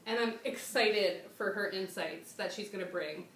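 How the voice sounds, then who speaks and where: Slangy excitable woman host in echoey room. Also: mid-range voice, moderate pace, creaky, distant mic. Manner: slangy and excitable, trails off and restarts. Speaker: channel host. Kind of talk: casual chat with a guest. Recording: echoey room, off-mic, faint noise.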